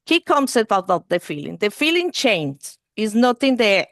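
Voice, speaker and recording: A woman's voice: a little high, big pitch swings, moderate pace, fairly bright tone, dry recording, studio quality. A woman presenting a training webinar for early-learning teachers over a video call, speaking non-native English and often checking in with "okay?" and "you see".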